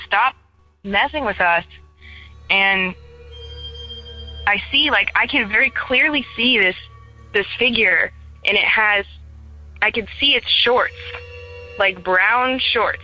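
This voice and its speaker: A woman's voice: medium pitch, lo-fi sound. A young woman calling in to tell a ghost story in casual first person, chatty and full of "like," acting out the dialogue as she goes. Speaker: caller sharing a ghost story.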